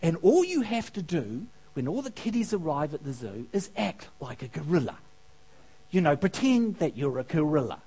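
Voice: a preacher voicing a zoo manager. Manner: plain, matter-of-fact. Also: male voice, fairly high pitch, big pitch swings, moderate pace, mellow, slightly rough, pitched below the performer's own voice, full character voice. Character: male zoo manager hiring a worker.

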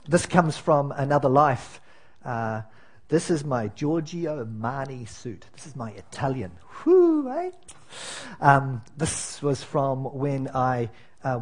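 A man's voice: a little high, slightly rough. A man preaching as pastor in a church, conversational and self-deprecating, with many fillers and restarts. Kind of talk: sermon.

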